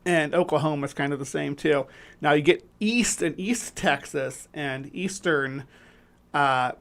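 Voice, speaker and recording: A woman's voice: low voice, measured pace. A woman hosting a casual livestream chat, rambling and restarting her sentences with lots of fillers. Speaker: livestream host.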